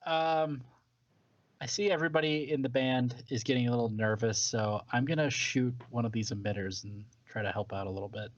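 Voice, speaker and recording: A man playing a tabletop game, thinking aloud in a relaxed way. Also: medium pitch, fairly quick. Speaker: player. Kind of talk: casual tabletop play. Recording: dull dry lo-fi mic.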